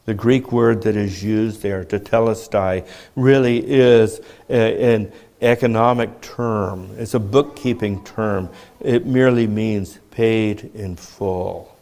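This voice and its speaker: A man preaching a sermon in a measured teaching tone, asking rhetorical questions as he explains. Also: lowish voice, steady tone, a little mellow.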